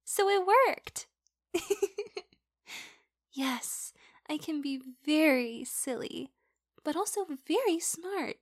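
A woman in a whispered role-play as a girlfriend, giggly and teasing, speaking softly into a close mic. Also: high voice, animated, takes it slowly, pauses often, no echo. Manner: giggly, teasing, soft-spoken.

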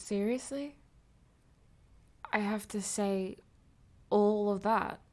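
A woman playing a breathy, flustered young streamer. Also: medium pitch, fairly even intonation, darkish tone, close to an everyday voice.

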